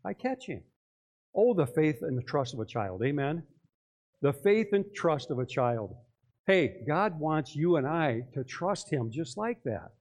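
An older man preaching a sermon, animated, acting out voices and putting questions to his congregation. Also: a little high, measured pace. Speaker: pastor.

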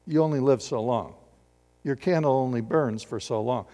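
A middle-aged man pastor preaching a sermon in a church, animated and full of rhetorical questions to the congregation. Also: mid-range voice, moderate pace. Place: church sanctuary. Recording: long hall reverb.

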